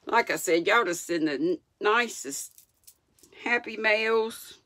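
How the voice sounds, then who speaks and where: An older woman from North Carolina, with a Southern US accent, hosts a channel and reads a storybook aloud to her viewers, chatting folksily and laughing as she goes. Her voice is medium in pitch, slow, and sharp in tone. The clean studio recording has no room sound.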